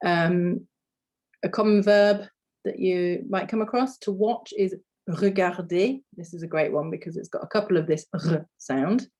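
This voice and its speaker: A woman's voice: fairly low pitch, fairly even intonation, measured pace, a little mellow. A woman teaching a phonics lesson, explaining patiently and modelling sounds for learners to repeat. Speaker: language teacher.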